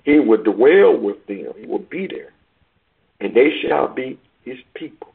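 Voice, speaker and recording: A man preaching a sermon, reading scripture aloud and explaining it with emphatic swells and hushed asides. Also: mid-range voice, very animated, measured pace, gravelly, slightly rough. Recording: tinny phone-like line.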